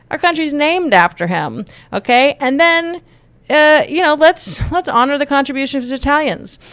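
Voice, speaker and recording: A chatty woman vlogger talks straight to her viewers in a loose, joking way, circling back and restarting her sentences as she goes. Her voice sits a touch high and rings smooth and clean. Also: dry recording. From Texas. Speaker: YouTube commentator. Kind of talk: casual opinion vlog.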